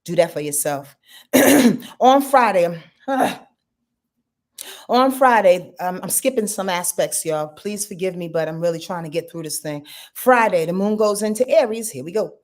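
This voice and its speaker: A woman's voice: fairly low pitch, expressive, normal speed. A woman hosting a casual astrology forecast, brash and profane, playfully acting out quotes. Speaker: astrologer host.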